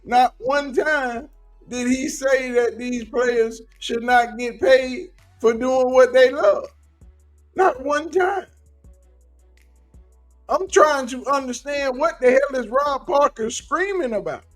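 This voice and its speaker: A man's voice: very high-pitched, slow, soft background music. A man hosting a reaction commentary video, pressing again and again with incredulous rhetorical questions.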